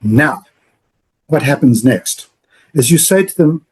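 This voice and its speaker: A man's voice: mid-range voice, slow, pauses often, breathy edge. A man co-hosting a podcast, coaching with energy and acting out sample phone calls. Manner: animated, acts out phone calls in other voices. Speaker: podcast co-host, loan officer.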